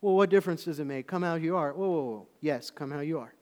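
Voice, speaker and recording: Animated preacher man in a reverberant hall. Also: fairly high pitch, fast talker. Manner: animated storytelling, swings from loud to hushed. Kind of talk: sermon. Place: church auditorium. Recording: long reverb of a large hall.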